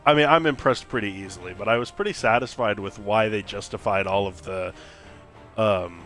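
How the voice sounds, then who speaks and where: Low-voiced man streaming a game. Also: moderate pace, a bit bright, soft background music. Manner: casual, voices characters as he reads. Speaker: streamer playing a story game. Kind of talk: casual game commentary and reading dialogue aloud.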